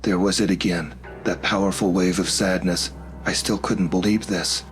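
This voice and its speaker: Deep-voiced man narrating horror. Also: fairly even intonation, moderate pace, soft background music.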